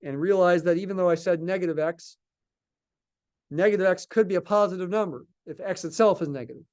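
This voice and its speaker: A man with a high, slightly mellow voice lectures a calculus class briskly, speaking up a little. As a math lecturer thinking aloud, he stops, restarts, and responds to his own questions in what sounds like an unscripted class.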